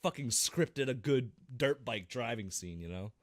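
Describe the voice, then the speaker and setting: Man, podcast co-host, swears a lot, very lively pitch, dry sound. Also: a little slow, dry recording. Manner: animated storytelling, swears constantly. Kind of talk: casual gaming podcast chat.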